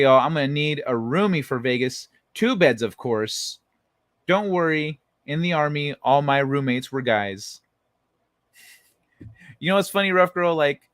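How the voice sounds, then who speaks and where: A young man's mid-range, fairly bright voice comes through with no echo as he hosts a late-night livestream. He chats with viewers, reads their messages aloud, laughs often, and tells loose stories full of profanity.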